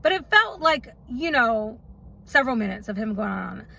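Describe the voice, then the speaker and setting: A woman's voice: fairly high pitch, sing-song, moderate pace, gravelly, bright, forceful tone, poor audio. A woman telling her own life story in a casual storytime vlog, chatty and rambling, often stopping for asides and laughs.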